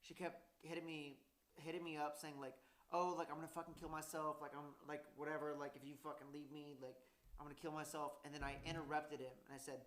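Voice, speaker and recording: A man's voice: fairly high pitch, level tone, quick pace. Profane rambling young man, echoey room. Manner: profane, rambling, gets loud and laughing when worked up. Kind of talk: casual storytelling chat.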